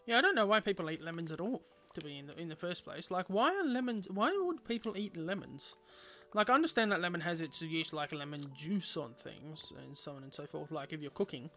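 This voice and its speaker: A man's voice: on the high side, bright, forceful tone. A man streaming a game, chatting casually with viewers and rambling aloud with lots of fillers.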